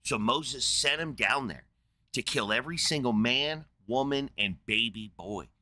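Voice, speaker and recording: A man's voice: medium pitch, a little slow, bright, forceful tone. A young man telling a crude, slangy story and arguing aggressively.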